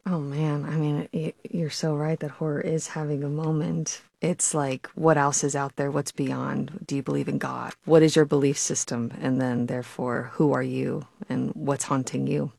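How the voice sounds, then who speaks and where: A woman guest with a very low voice and a gravelly edge. She speaks softly and reflectively in casual chat. The sound is close and dry. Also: flat delivery, normal speed, hardly any pauses, dry recording. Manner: reflective, soft-spoken, casual. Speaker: actor, guest.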